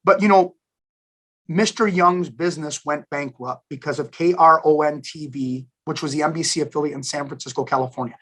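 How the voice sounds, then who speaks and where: A man in his fifties, a station manager and alumni guest, telling career stories in a chatty, animated interview. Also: a little high, fairly quick. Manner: animated, chatty storyteller who addresses listeners as guys. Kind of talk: casual storytelling interview.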